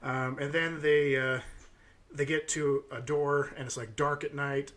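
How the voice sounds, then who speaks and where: With a somewhat high, slightly bright voice and a steady tone, an American podcast co-host in his thirties tells rambling stories in casual conversation. He keeps a measured pace and says um a lot.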